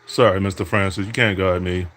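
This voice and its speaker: A man's voice: low voice, steady tone, fairly quick, fairly bright tone. Trash-talking man calling his own game. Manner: mock announcer calls mixed with taunts. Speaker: podcast host playing a basketball video game. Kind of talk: trash-talking play-by-play over gameplay.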